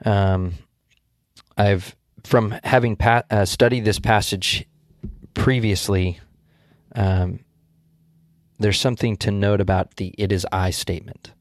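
A man's voice: on the low side, fairly even intonation, takes it slowly, no room sound, studio quality. A man co-hosting a casual Bible study discussion, explaining passages in a thoughtful, searching way with frequent restarts.

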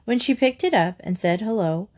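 Woman narrator reading a kids' book aloud; lively and expressive. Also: mid-range voice, normal speed. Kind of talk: children's storybook reading aloud.

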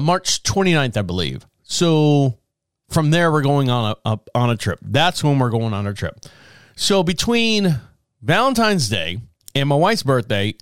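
A middle-aged man hosting a podcast, chatting casually and rambling with frequent laughs and quick high-voiced impressions. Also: clean tone, no room sound, studio quality. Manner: rambling, animated, laughs often, mimics others in high voices. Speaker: podcast host. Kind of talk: casual solo chat.

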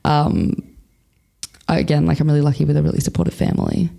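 A woman's voice: sits low, fairly even intonation, quick pace, creaky, mellow. A young Australian woman in her twenties, a guest in a casual interview, talking frankly and swearing freely with lots of fillers. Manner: frank and swears freely, laughs a lot, chatty with many fillers. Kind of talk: casual candid chat.

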